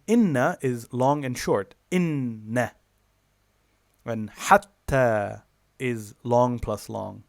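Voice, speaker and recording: A man teaching a recorded online lesson, explaining step by step with many fillers and self-corrections and slowing down for drawn-out example words. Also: on the high side, a little mellow, dry recording, clean studio sound.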